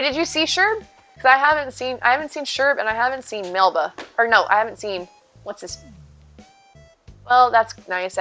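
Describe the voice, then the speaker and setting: A live streamer with a fairly high, slightly bright voice talks casually to her viewers between plays. Her chat turns sweetly to her cat.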